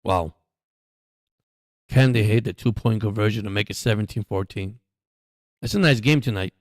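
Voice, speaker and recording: A man's voice: fairly low pitch, normal speed, no echo, clean studio sound. Chatty man calling a game live. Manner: chatty, excitable during plays. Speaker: livestream host. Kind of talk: casual live game commentary.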